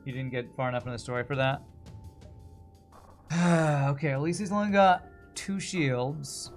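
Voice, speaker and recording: A man's voice: a little high, a little slow, faint music behind. A man streaming a strategy game, chatting casually and answering viewers' comments while he plays. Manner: chatty, reads and answers chat while playing.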